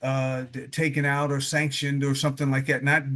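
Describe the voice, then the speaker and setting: A man's voice: medium pitch, flat delivery, moderate pace, fairly bright tone. A man co-hosting a casual political discussion, stammering and repeating words before he gets going. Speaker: podcast co-host.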